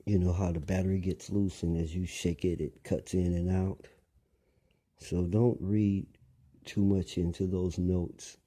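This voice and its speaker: A man's voice: low voice, flat delivery, measured pace, dark tone. A man delivering a rambling monologue, lecturing listeners, repeating phrases and asking them pointed questions.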